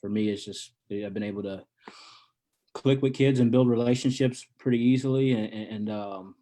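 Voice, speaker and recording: A man's voice: on the low side, fairly even intonation, normal speed, dark tone. A man who coaches college wrestling, answering interview questions in a laid-back way, with lots of ums and restarts. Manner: laid-back, many ums and repeated starts.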